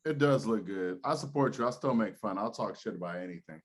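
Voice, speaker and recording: A man's voice: fairly low pitch, expressive, brisk, slightly rough. A man guesting on a podcast, talking casually with blunt, profane teasing. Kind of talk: casual chat.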